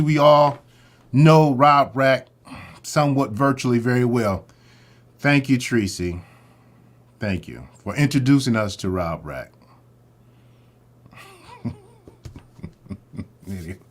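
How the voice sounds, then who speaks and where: A man's voice: a little high, fairly bright tone. A man hosting a morning livestream in a casual, chatty way, greeting viewers by name and repeating his catchphrases. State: a little out of breath. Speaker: host of a morning drama-recap livestream.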